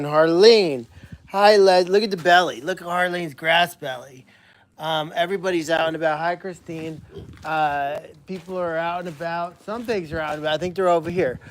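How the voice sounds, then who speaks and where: High-voiced man chatting on a livestream. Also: clear, resonant tone, no echo. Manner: chatty, greets viewers and calls animals by name. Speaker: animal sanctuary caretaker hosting a livestream. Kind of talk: casual livestream chat. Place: outdoors at an animal sanctuary.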